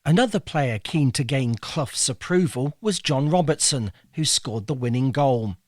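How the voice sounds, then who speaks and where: A man hosting a football history podcast, narrating and asking measured questions. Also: medium pitch, lively intonation, no echo, clean studio sound. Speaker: host and interviewer. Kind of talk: podcast interview and scripted narration.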